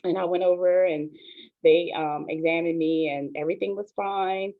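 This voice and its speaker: A woman in her forties, a pastor, telling her own story in a soft, hesitant, earnest way, with many pauses and ums. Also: on the low side, fairly even intonation. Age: 40s. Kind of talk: personal testimony on an online show. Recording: tinny phone-like line, dry.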